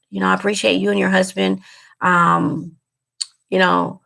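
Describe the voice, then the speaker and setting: A woman's voice: mid-range voice, level tone, normal speed, vocal fry, fairly bright tone. A woman vlogger talking straight to her viewers in casual chat, earnest and emotional, repeating herself as she goes. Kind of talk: casual direct-to-camera chat.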